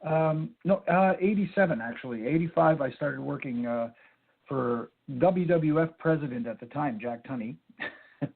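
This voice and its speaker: A man's voice: a little high, moderate pace, gravelly, breathy edge. A man, a former wrestling referee from Canada, telling stories in a rambling way with many fillers in a phone interview. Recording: tinny phone line.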